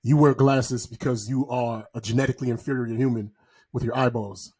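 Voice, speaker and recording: A young man from Florida co-hosting a podcast, joking loudly in casual comedic chat. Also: medium pitch, steady tone, a little fast, slightly rough. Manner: loud, joking, breaks into improvised raunchy song. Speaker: podcast co-host.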